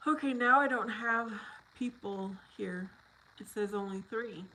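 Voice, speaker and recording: Bright-voiced woman chatting on a livestream. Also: on the high side, a little slow, rough recording. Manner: chatty, laughs often, greets viewers by name. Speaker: livestream host. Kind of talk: casual live chat, reading viewer comments.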